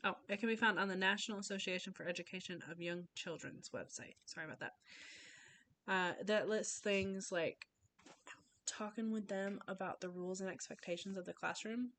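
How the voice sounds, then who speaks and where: A woman's voice: medium pitch, moderate pace, fairly bright tone, slight background noise. A young woman giving an informal class speech over a webcam, casual and full of fillers and restarts.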